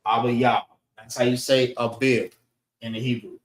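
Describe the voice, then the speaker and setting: A man leads a relaxed scripture lesson at an ordinary middle pitch, stopping often to check in with "all right." The room is roomy and echoing. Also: moderate pace. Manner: relaxed, repeats "all right" between points. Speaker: class teacher. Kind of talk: informal scripture class lesson. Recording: roomy echo.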